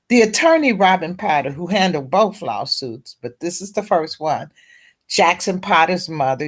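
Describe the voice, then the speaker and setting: A middle-aged woman, a teacher advocate and guest at a round table discussion, telling her story bluntly and candidly. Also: low-pitched.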